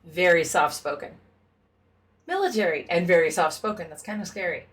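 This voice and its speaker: A woman's voice: lowish voice, normal speed. Joking woman co-host. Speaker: podcast co-host. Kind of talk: casual chat.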